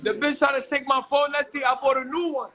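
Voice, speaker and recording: High-voiced man, rowdy livestream banter. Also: flat delivery, fast talker, over music. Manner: rowdy, laughing, swearing banter. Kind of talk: casual livestream chat.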